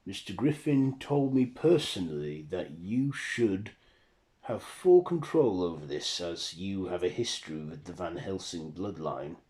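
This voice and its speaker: A man's voice: sits low, expressive, unhurried, a little mellow. A man voicing a businesslike male secret agent who speaks plainly and matter-of-fact.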